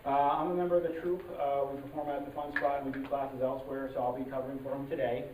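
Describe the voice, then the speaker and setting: A member of an improv troupe warming up a live audience, talking haltingly with many fillers and restarts and loudly calling out cues to the crowd. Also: medium pitch, flat delivery, background noise. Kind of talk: live audience warm-up talk. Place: live show venue. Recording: distant, roomy, muffled live recording. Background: audience ambience.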